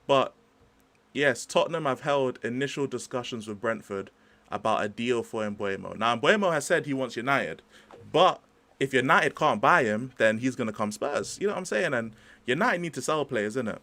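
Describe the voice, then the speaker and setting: A young man running a casual football livestream talks in a rambling, slangy, chatty way, repeatedly cutting in with asides to his chat. His middle-pitched voice is expressive, pushed and bright, at a moderate pace.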